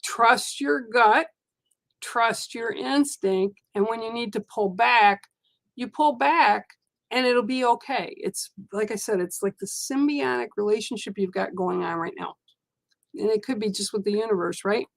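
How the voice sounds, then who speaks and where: A woman with a gravelly, creaky voice reads oracle cards live for her viewers. She speaks gently and reassuringly, wandering off on tangents now and then. The sound is close and dry. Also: a little high, measured pace, dry recording. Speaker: spiritual card reader. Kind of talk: live oracle card reading.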